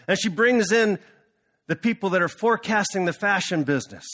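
Animated male preacher, high bright voice. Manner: dramatic storytelling, animated. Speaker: pastor. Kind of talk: sermon.

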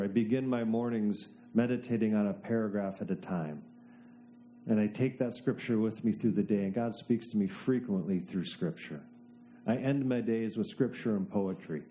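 A man delivering a sermon in a very dark, mellow voice. He tells stories with dry, self-mocking humor and often sinks low and quiet for emphasis. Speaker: preacher.

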